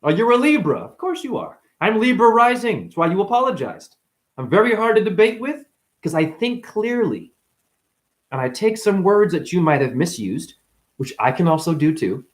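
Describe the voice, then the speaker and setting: Heated man, lively high-pitched voice. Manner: passionate, defensive, swinging between agitated and conciliatory. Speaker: livestream host. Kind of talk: heated livestream chat reading comments.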